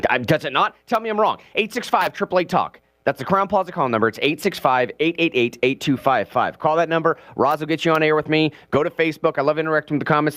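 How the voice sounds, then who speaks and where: A man's voice: on the high side, dry recording. A man hosting a morning talk radio show, giving opinionated commentary and taking calls. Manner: fast, animated, conversational and opinionated.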